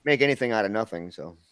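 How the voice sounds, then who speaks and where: A man's voice: fairly low pitch, lively intonation, fast, a bit bright, clear, resonant tone, no echo. A man, chatting casually as a guest and laughing often. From Minnesota. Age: 50s. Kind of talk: casual live-stream chat.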